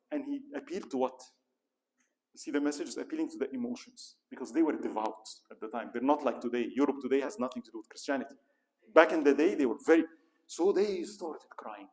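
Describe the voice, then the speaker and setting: A man's voice: medium pitch, moderate pace. A man teaching a history lecture in a mosque hall, telling the story vividly, acting out quoted speeches and asking the audience rhetorical questions. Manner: animated storytelling, acts out quoted speeches in a raised dramatic voice.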